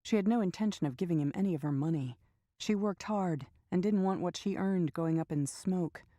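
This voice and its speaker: Woman audiobook narrator, low mellow voice, steady measured delivery. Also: dry recording, clean studio sound.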